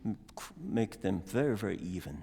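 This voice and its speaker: A man's voice: lowish voice, lively intonation, normal speed, creaky. Man coaching piano in a reverberant hall. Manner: sings rhythms aloud and explains patiently. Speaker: piano master class teacher. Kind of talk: master class coaching. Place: concert hall.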